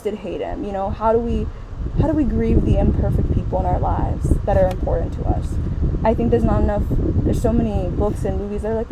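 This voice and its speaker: A woman vlogger talking casually about a book, rambling and emphatic with lots of fillers. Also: medium pitch. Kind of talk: casual book review chat. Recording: steady air-conditioner hum behind the voice. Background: air conditioning hum.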